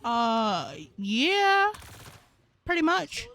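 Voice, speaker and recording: A woman's voice: high voice, big pitch swings, very slow, a bit bright. A woman streaming live, chatting casually with her viewers in a slangy, rambling way, often laughing.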